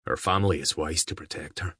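Narrator as a grave medieval laird, deep, husky, measured, storybook. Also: male voice, pushed and bright, dry recording, studio quality, exaggerated voice. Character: Scottish laird, grave and wary man.

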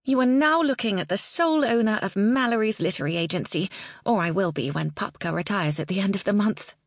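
Casting: woman reads a self-assured young Englishwoman, sassy and quick, dry sound. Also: mid-range voice, no echo, pitched above the performer's own voice, close to an everyday voice. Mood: playful. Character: young English woman, a confident literary agent.

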